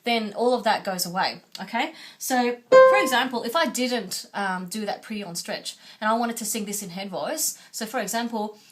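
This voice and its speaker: A woman's voice: mid-range voice, normal speed, soft background music. A woman vocal coach teaching a singing lesson, patient and instructive, often checking in with "okay?".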